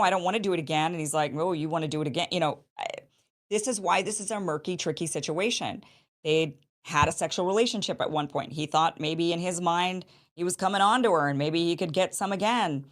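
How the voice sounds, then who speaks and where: A woman talking through a case in casual commentary, often restarting and repeating phrases as she reasons aloud. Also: on the low side.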